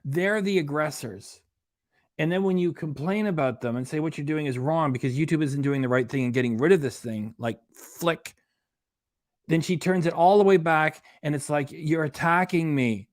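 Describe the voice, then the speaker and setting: A man's voice: on the high side, normal speed, a little mellow, dry recording, studio quality. A man hosting a reaction channel, scolding a streamer in an angry, profane rant. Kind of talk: angry commentary on a livestream.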